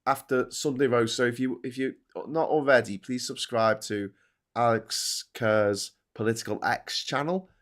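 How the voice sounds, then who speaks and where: A man hosting a relaxed chat show, bantering and laughing with his guests. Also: medium pitch. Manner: chatty, laughing, quick asides. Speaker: host.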